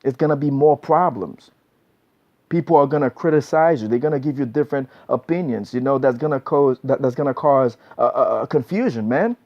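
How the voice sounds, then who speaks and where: A man with a mid-range, slightly mellow voice delivers blunt relationship advice in a casual monologue, talking a little fast. He's preachy and repetitive, often ending lines with "man." The recording is dull and lo-fi.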